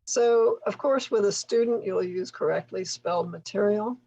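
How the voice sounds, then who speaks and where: A woman leading a tutor training workshop, explaining things patiently with occasional soft laughs. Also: mid-range voice, moderate pace, slightly rough, low-quality recording. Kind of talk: workshop instruction.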